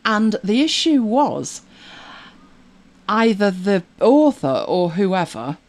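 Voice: medium pitch, very animated, slow pace. A podcast co-host chatting casually, rambling along with many fillers and restarts. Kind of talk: casual chat about audiobooks.

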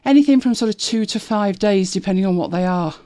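A woman streaming live from her home, chatting casually with viewers. She laughs often and jumps to a high, sing-song voice for her dog. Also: fast, dark tone, a little hiss or hum. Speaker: vlogger.

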